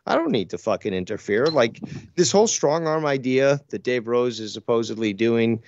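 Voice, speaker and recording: A man's voice: mid-range voice, expressive, normal speed, darkish tone, muffled recording, a little hiss or hum. A man co-hosting a live comedy show, talking in long rambling stretches full of swearing, fillers and restarts. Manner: rambling, profane, hesitant restarts. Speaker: co-host. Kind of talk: casual call-in show banter.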